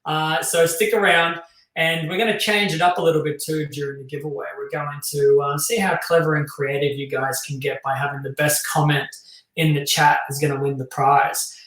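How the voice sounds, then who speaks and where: Brief: Australian male host, casual and rambling, bright voice, roomy echo. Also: fairly high pitch, little pitch movement, normal speed, distant mic. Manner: chatty, loose, lots of fillers. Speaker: show host. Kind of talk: casual hosted talk. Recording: echoey room.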